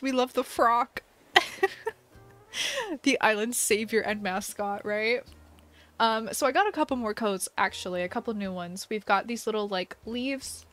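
A woman's voice: medium pitch, unhurried, fairly bright tone. A young woman hosting a casual live stream while playing a game, giggly and chatty, reading chat aloud. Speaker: livestream host.

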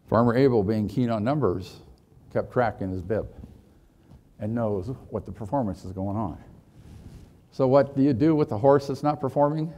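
A man's voice: medium pitch, moderate pace, long pauses, mellow, lo-fi sound. Male leadership trainer, storytelling workshop talk, asks the room lots of questions. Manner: rhetorical questions to the audience.

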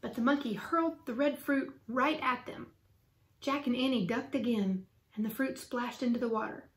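A woman teacher reading a children's book aloud with lively, expressive storytelling. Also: fairly high pitch, normal speed. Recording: roomy echo.

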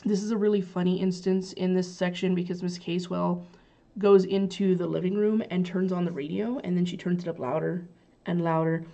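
A woman's voice: lowish voice, flat delivery, brisk, vocal fry, mellow. A woman giving a chatty, casual summary of a play, retelling the scenes with fillers and paraphrased quotes.

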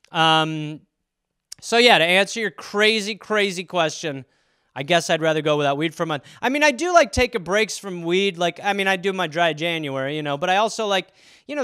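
A man hosting a podcast, riffing casually and profanely, rambling through stories and dropping into quick impressions. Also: a little high, sharp tone, smooth, no echo, clean studio sound. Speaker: podcast host. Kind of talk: casual solo comedic riffing.

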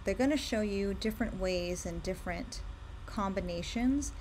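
Medium-pitched and slightly mellow, a young woman speaks at a normal speed while walking viewers through design tools on screen. She owns a candle brand and keeps things casual and upbeat, recommending one thing after another. A little hiss or hum can be heard.

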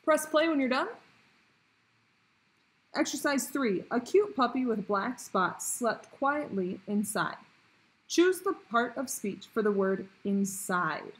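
A woman teacher talking pupils through a grammar worksheet in a clear, patient question-and-answer way. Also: on the high side, expressive, takes it slowly, poor audio. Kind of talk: recorded grammar lesson for pupils.

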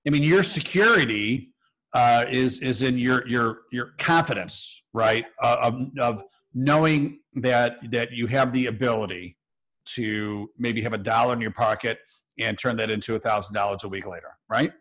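A man hosting a podcast, speaking casually and haltingly, with many fillers and restarts while encouraging his guest. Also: mid-range voice, a bit bright, low-quality recording. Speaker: podcast host. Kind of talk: casual interview chat.

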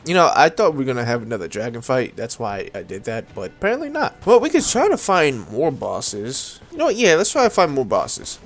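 A young man giving casual, excitable, slangy commentary while playing a game, talking straight to the enemies he fights. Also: medium pitch, brisk, hardly any pauses. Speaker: gaming video creator. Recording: voice over game music.

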